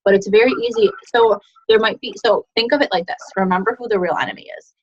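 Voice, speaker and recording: A woman's voice: mid-range voice, husky. A woman coaching her team on a group video call, chatty and encouraging. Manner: encouraging, chatty, fast asides. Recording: dull lo-fi call audio.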